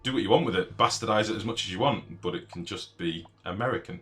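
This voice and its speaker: A British man with a lowish, sharp and forceful voice, ranting bluntly on a live game stream. He swears freely as he answers his chat. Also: fast, faint music behind. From Britain.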